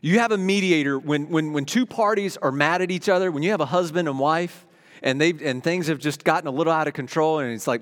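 A middle-aged man preaching a sermon as pastor, earnest and conversational, moving between loud emphasis and hushed, quiet lines. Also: on the high side, a little fast. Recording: long reverb of a hall.

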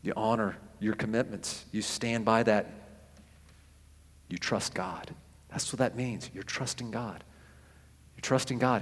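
A man preaching a sermon as pastor, animated, often repeating phrases for emphasis and acting out quotes. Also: lowish voice, moderate pace. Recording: echoey hall with long reverb.

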